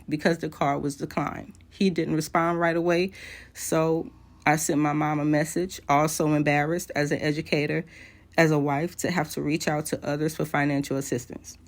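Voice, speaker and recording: A woman around forty telling a personal story to camera, candid and conversational with hesitant fillers. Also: low-pitched. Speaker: vlogger.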